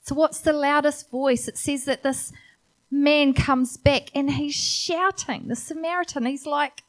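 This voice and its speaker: A woman's voice: high-pitched, steady tone, a little slow. A woman preacher giving an earnest, encouraging sermon and asking rhetorical questions.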